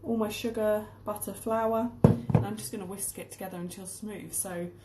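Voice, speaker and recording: Woman teacher, chatty cooking-lesson delivery, mid pitch, roomy kitchen sound with audible clatter. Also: steady tone, moderate pace, very noisy. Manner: chatty, explains word meanings as she works. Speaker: English teacher. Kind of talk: casual cooking demonstration lesson. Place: home kitchen.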